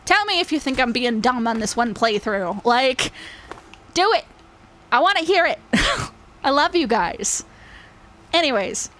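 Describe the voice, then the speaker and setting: A woman's voice: sits high, very animated, a little slow, pauses often, fairly bright tone. A young woman gaming YouTuber chatting to her viewers, emotional and rambling, laughing often and filling with "like". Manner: rambling with many fillers. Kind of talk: casual chat to viewers.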